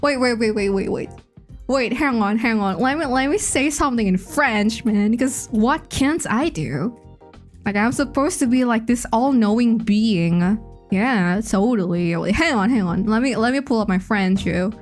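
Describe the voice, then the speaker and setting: A woman's voice: fairly high pitch, moderate pace, faint music behind. A young woman chatting casually on a stream, playful and joking, with a giggly, rambling delivery. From Indonesia. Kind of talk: casual chat.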